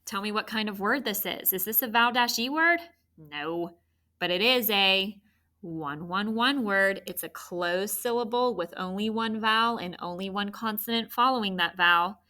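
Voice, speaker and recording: A woman's voice: mid-range voice, moderate pace, bright, forceful tone. A woman teaching a children's phonics lesson, spelling out letters and encouraging the students.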